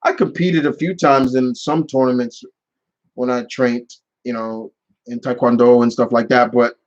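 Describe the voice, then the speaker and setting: Male streamer host, casual rambling storyteller, mid pitch, slightly muffled audio. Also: steady tone, moderate pace. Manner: rambling storyteller with many restarts and fillers. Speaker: channel host answering live questions. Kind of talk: casual live Q&A chat.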